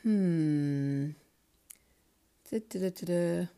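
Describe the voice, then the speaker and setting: A woman's voice: on the low side, extremely slow, dark tone. A tired New woman in her fifties telling a memoir story on a podcast, rambling, thinking aloud and swearing freely. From Connecticut. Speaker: podcast host. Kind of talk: casual spoken memoir storytelling.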